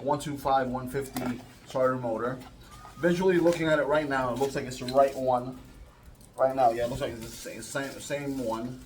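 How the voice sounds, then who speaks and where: A man's voice: medium pitch, darkish tone. Casual male DIY vlogger, mid-range voice, loose rambling delivery, faint ambient noise behind. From United States. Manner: rambling, chatty, self-correcting. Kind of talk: casual how-to vlog. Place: garage or yard, working on a scooter.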